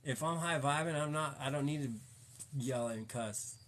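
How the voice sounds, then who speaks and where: A man's voice: fairly high pitch, normal speed, fairly bright tone, a little hiss or hum. A man in a casual, rambling chat, slangy and cussing, fired up and preachy as he talks to a viewer.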